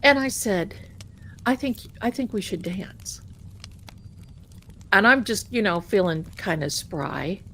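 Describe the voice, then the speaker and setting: A woman hosting a tarot livestream, chatting casually and telling a personal story in an animated, amused way. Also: medium pitch, takes it slowly, long pauses, slight background noise. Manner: chatty, animated, laughing at her own story. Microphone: desk mic at home.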